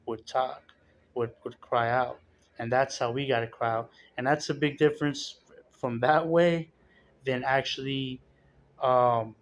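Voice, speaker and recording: A man leads a scripture study, reading verses aloud and then breaking them down in an easygoing, conversational way. His pitch stays level and even, with little rise and fall, as he moves between the text and his own comments. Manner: conversational, reads verses then explains with casual asides. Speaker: Bible teacher.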